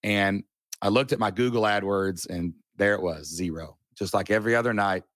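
A middle-aged man telling a personal story in a casual chat, animated and earnest, with a folksy way of talking. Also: fairly low pitch, normal speed, dry recording, studio quality. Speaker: podcast guest.

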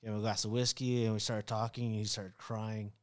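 A man's voice: lowish voice, little pitch movement, brisk. A man, a barber, chatting on a podcast and telling a heartfelt story, earnest and emotional, with many fillers and restarts. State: tearing up. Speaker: barber guest. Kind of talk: casual podcast chat.

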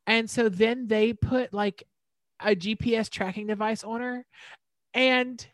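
A woman's voice: a little high, steady tone, a little slow, dry recording. A woman co-hosting a podcast, recounting a case in casual chat with frequent fillers. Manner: storytelling with many fillers and restarts. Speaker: podcast co-host.

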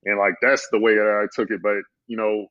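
A man's voice: on the low side, flat delivery, a little fast, fairly bright tone, no echo. A man chatting casually on a podcast in an easygoing, agreeable way. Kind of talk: casual chat. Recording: dull lo-fi dry mic.

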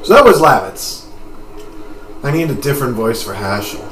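A man reading a game aloud and commenting on it in a low-key, offhand way. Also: sing-song, normal speed, background noise. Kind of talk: let's-play voice reading. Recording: echoey room, mic at a distance.

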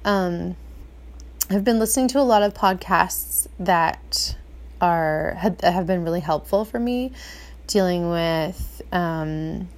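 A woman's voice: on the low side, slow pace. A woman in her forties hosting a casual podcast, chatty and rambling, swearing freely and laughing often. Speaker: podcast host.

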